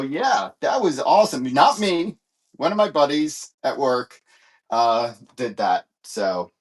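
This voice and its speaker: A man hosting a live comic sale, talking loosely and off the cuff. He rambles, fills gaps with "um" and "uh", and keeps saying "hold on" while digging through his stock. His pitch sits in the middle range for a man. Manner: rambling, lots of fillers and "hold on"s while searching. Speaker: live-stream comic seller. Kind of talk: casual live-sale chat.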